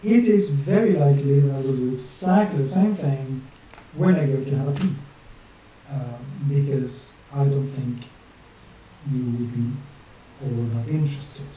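A man's voice: mid-range voice, a little slow, warm tone, a little hiss or hum. A man hosting a video, chatting casually with self-deprecating asides. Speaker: video host. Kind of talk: casual rambling monologue. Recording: very echoey room, voice far from mic.

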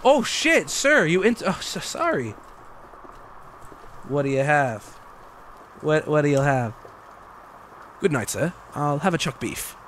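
A young man talks through a game in an excitable, joking way, tossing in swears as he goes. His voice sits a little high and swings all over the place. A faint hiss of noise sits behind him. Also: slow pace, pauses often. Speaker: streamer. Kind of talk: gameplay commentary.

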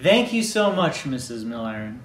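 A man teacher hosting a video series for children, introducing the next part with brisk, friendly words. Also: medium pitch, sing-song. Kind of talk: casual show hosting for children. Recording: roomy, from the mic.

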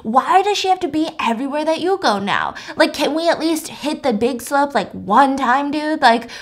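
A woman's voice: sits high, animated, normal speed. A young guy stuck as the third wheel, complaining in an exasperated, whining way, as a woman acts him out while telling the story. He sounds fed up and blunt. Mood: frustrated. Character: young man, annoyed third-wheel best friend.

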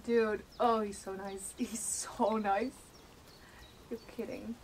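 A young woman vlogging a casual unboxing of a plush, excited and amazed, rambling with fillers and restarts, recorded on a camera mic on a tripod at home. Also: mid-range voice, slow pace, a little hiss or hum.

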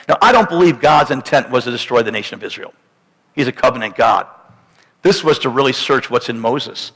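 Male pastor, sermon; bright, forceful tone, emphatic and dramatic with humorous asides; church hall reverb. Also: medium pitch, gravelly. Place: church sanctuary.

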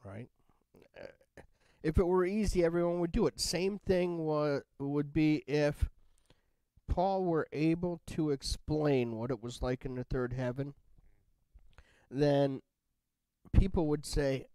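A man's voice: mid-range voice, slow pace, pauses often, dark tone, no echo. A man teaching a Bible study in a casual, conversational way, often checking in with "right?". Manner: conversational, keeps asking "right?".

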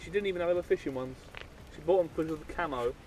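A man's voice: on the high side, very fast, crowd noise. A man hosting a fishing vlog outdoors by a lake, trading wry jokes with friends and narrating the catches. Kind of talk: casual banter and narration.

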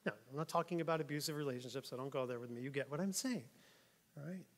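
A man's voice: on the high side, fast talker. A man preaching a casual, joking sermon in church, often checking in with his listeners as he talks. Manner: chatty, joking, keeps asking "right?". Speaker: pastor. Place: church sanctuary. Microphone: microphone.

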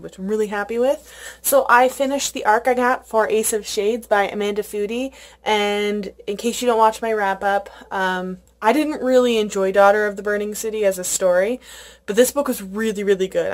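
A young woman chatting casually at home in a book vlog, gushing and filler-heavy. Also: mid-range voice. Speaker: book vlogger.

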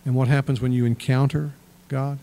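Gravelly-voiced male pastor preaching. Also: medium pitch, little pitch movement, moderate pace, warm tone. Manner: expository preaching, reads scripture then explains it plainly. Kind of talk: sermon. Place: church sanctuary.

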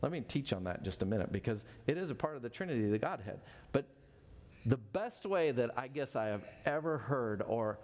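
A man's voice: mid-range voice, very animated, brisk, darkish tone. A man in his fifties teaching a Bible study in a folksy, conversational way, with self-deprecating asides. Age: 50s.

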